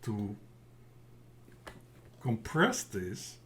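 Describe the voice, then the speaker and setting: A man teaching a software tutorial in a casual, halting way, often checking in with "yeah?". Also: fairly low pitch, huge pitch swings, slight background noise. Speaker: tutorial instructor. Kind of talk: casual screen-share tutorial.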